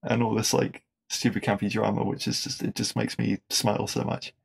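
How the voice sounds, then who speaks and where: A man's voice: fairly low pitch, flat delivery, brisk, gravelly, slightly rough. A man hosting a podcast, chatting casually and enthusiastically, with lots of fillers and restarts, and laughing at his own jokes. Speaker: podcast host. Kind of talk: casual episode review.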